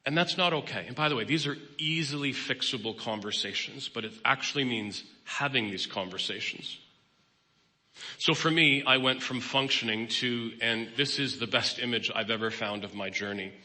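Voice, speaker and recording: A man's voice: medium pitch, normal speed, pushed and bright. Man, 50s, guest speaker and therapist, candid sermon delivery, reverberant hall. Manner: candid, personal, plain-spoken. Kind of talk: conversational sermon. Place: church hall. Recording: long reverb of a large hall.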